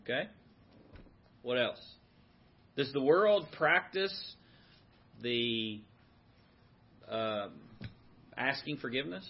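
A man teaches a men's Bible study, his voice slightly husky. He asks the group questions and repeats back their answers. The recording sounds somewhat dull. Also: medium pitch, lively intonation, takes it slowly, pauses often. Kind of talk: interactive teaching.

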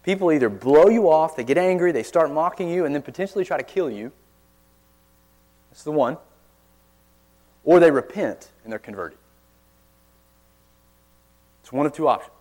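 A man preaching a sermon in church, earnest, pressing hard on key words and then dropping suddenly quiet. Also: fairly high pitch, lively intonation, normal speed, pauses often. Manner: earnest, forceful emphasis with sudden quiet drops.

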